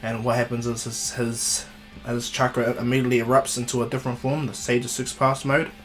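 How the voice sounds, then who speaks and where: A man tells an improvised fan story in a relaxed, rambling manner, with a middle-pitched voice. Quiet guitar music plays underneath. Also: a little fast, low-quality recording. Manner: casual, rambling, with fillers and restarts.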